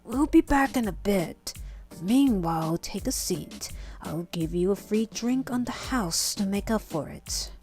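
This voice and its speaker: A woman voicing a big male dragon cook, speaking low, slow and calm with a slight growl, in a game let's play. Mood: kind. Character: huge red male dragon cook, gentle and soft-spoken. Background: faint game music.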